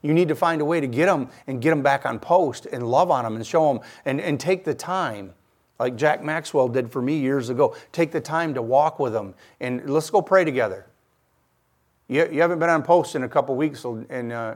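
Animated man preaching a testimony sermon. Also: mid-range voice, normal speed. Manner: animated storytelling, swings from quiet to loud. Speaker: guest preacher.

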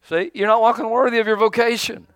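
A man pastor preaching a sermon, animated, calling out to his congregation and acting out little asides. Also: extremely high pitch, fast, clear, resonant tone, no echo.

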